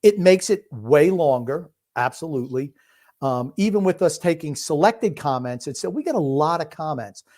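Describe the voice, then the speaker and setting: A man co-hosting a casual sports podcast, blunt, sarcastic and quick to swear, reading listener comments aloud. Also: a little high, expressive, darkish tone. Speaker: podcast co-host.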